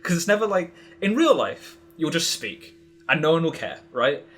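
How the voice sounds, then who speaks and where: A man's voice: fairly high pitch, very animated, moderate pace, a bit bright, soft background music. Hesitant young man, podcast guest. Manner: hesitant, full of "like" and restarts. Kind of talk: casual conversational interview.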